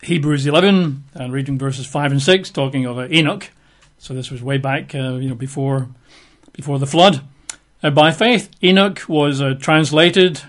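A man's voice: medium pitch, normal speed, fairly bright tone. A man preaching a sermon, reading scripture aloud and breaking off for conversational, wry asides with the odd chuckle.

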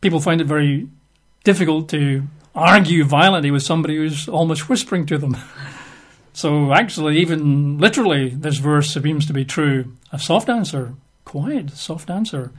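A man's voice: fairly high pitch, moderate pace. Chatty man teaching scripture. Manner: chatty and wry, with frequent fillers. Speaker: Bible teacher. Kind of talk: conversational Bible teaching.

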